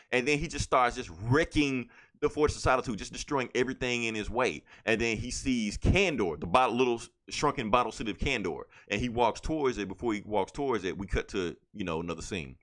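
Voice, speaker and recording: A man's voice: mid-range voice, animated, fairly quick, a bit bright. A man casually recapping a comic book on a podcast, rambling with lots of fillers and quoted lines.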